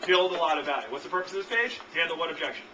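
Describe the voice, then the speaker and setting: Energetic male sales trainer, quick delivery, distant noisy camcorder audio. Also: on the high side, muffled recording. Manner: energetic, constantly checking in with "okay?". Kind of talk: live sales training demonstration. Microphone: built-in camcorder mic.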